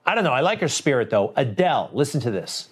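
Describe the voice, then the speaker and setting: A man's voice: medium pitch, very animated, fast, husky. A man hosting a commentary show, talking over clips in an indignant, sarcastic, conversational way.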